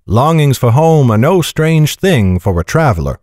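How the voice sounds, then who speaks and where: A man voicing a grave, wise older knight who speaks in a measured, soft way. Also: mid-range voice, no room sound, studio quality, close to an everyday voice. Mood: grave, gentle. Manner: measured, calm, soft-spoken.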